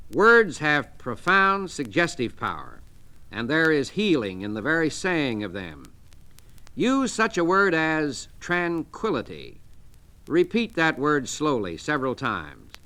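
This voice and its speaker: Male narrator, inspirational audiobook reading, measured and soothing, bright tone, lively pitch.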